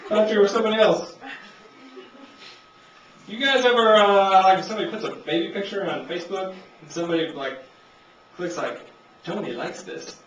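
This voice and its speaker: High-voiced man doing stand-up, distant and roomy. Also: fairly quick, a bit bright, slight background noise. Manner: laid-back rambling delivery, acts out characters in raised voices. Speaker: stand-up comedian. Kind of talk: stand-up comedy set. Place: comedy club stage. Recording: distant, roomy, muffled amateur club recording. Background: audience laughter.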